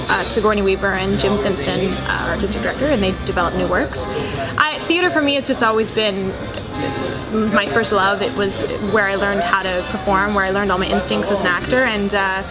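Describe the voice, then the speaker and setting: A young adult woman, an actress and screenwriter, answering interview questions in an enthusiastic, chatty way, laughing often and restarting her sentences. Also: medium pitch.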